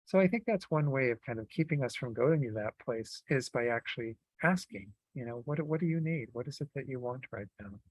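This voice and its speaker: A man giving a Buddhist teaching in a relaxed, conversational way, with frequent fillers and restarts. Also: medium pitch, no echo, low-quality recording. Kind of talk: dharma talk.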